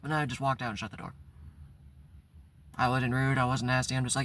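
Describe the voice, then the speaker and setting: A man's voice: medium pitch, quick pace, long pauses, pushed and bright. A man hosting his own channel, telling a personal story in a candid, blunt way and swearing freely. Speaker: channel host. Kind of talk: casual vlog storytelling.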